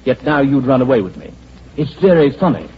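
An actor playing a smooth, scheming male company president who mocks those around him, in 1940s radio acting on a dull lo-fi old radio recording. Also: mid-range voice, very animated, a little fast. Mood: mocking. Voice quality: suave, sneering, condescending. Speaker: corporate president.

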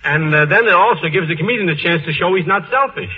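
A man's voice: high-pitched, fast. Man, comedy writer, easygoing jokes, dull old radio sound, faint hiss. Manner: joking, easygoing. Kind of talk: old radio panel discussion.

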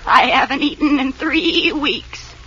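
A woman's voice: high voice, unhurried, bright, forceful tone. Woman doing a begging old Cockney flower lady. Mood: pleading. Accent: Cockney, put on. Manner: whining, begging. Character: poor old female Cockney flower seller, pleading. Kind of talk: 1940s radio comedy acting. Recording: muffled hissy old radio recording.

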